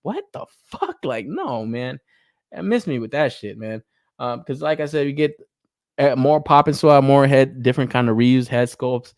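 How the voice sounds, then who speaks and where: A man's voice: medium pitch, animated, moderate pace, a little mellow, dry recording, studio quality. A man co-hosting a casual podcast, talking bluntly and incredulously, laughing often and swearing freely. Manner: blunt, incredulous, laughs often, mocks others' hype in exaggerated voices. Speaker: podcast co-host reviewing action figures. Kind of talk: casual profane chat.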